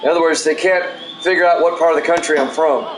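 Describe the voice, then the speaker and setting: Male play-by-play announcer, no regional accent, soothing and easygoing, chatting with viewers between pitches. Roomy, noisy home recording. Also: quick pace. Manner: calm, self-described soothing delivery with asides. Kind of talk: solo play-by-play of a simulated baseball game, chatting with stream viewers. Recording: echoey room with loud background noise.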